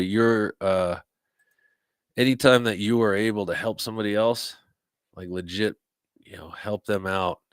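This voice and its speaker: Male podcast host, low register, dry close sound, swears freely, rambling chat. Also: no echo. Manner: profane, rambling storyteller. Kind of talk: casual chat.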